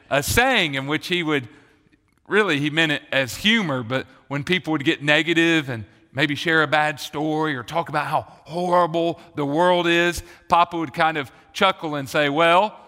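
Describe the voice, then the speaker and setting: A man's voice: on the high side, pushed and bright. A male pastor preaching a sermon with emphatic repetition of key phrases, recorded in a church hall. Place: church sanctuary. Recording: long reverb of a church hall.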